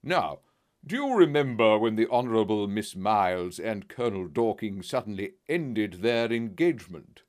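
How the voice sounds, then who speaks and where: A man voicing a smooth, menacing middle-aged blackmailer, slow and mocking in a storybook reading. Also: on the low side, animated, darkish tone, lightly acted. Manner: slow, mocking and falsely sorrowful.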